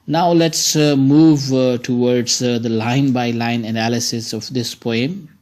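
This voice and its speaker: Slow, halting male teacher. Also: mid-range voice, fairly even intonation, darkish tone. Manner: slow, halting delivery with frequent pauses. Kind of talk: explaining a poem to students.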